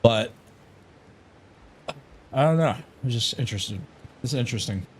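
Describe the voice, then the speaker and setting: A man's voice: mid-range voice, expressive, measured pace, slight background noise. An American man streaming a game, musing aloud in a rambling, casual way with many fillers and some swearing. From United States. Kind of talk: casual live-stream chat while playing.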